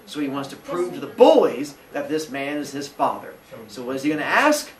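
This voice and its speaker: Male teacher, animated storyteller, fairly high voice, echoey classroom with the mic set off at a distance. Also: a little fast, crowd noise. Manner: playful, acts out characters, asks the class questions.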